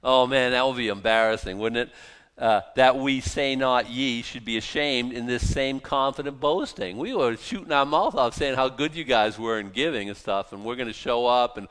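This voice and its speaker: Man, pastor, conversational sermon, animated, informal, restarts and fillers. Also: mid-range voice, moderate pace, big-room sound.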